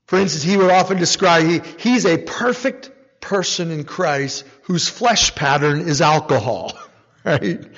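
A man's voice: high voice, fairly bright tone. A man preaching a conversational sermon who keeps checking in with the congregation by asking "right?" and chuckles now and then. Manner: asks the congregation "right?" again and again, with a light chuckle. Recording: dull, reverberant recording in a big hall.

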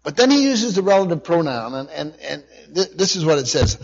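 A man's voice: a little high, very animated, moderate pace, fairly bright tone. A man preaching a sermon, reading scripture aloud and repeating key phrases earnestly. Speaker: pastor. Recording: dull lo-fi recording.

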